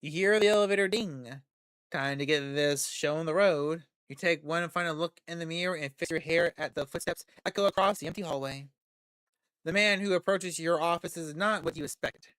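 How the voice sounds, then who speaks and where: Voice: medium pitch, normal speed, fairly bright tone, clean tone, dry recording, clean studio sound. Playful streamer reading a story game. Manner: playful, laughs and swears at the story. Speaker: gaming streamer. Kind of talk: reading a visual novel aloud with reactions.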